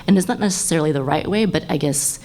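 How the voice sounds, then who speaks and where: A woman's voice: low voice, fast, darkish tone, a little hiss or hum. A woman in her thirties, a guest on a live podcast panel, talking casually with lots of fillers and frequent laughter.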